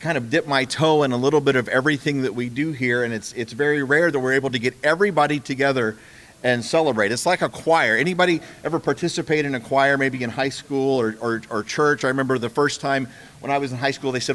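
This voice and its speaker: A man's voice: mid-range voice, fast talker, fairly bright tone. A man, a ministry's partnership director, giving a folksy, storytelling speech at a charity event, with many restarts.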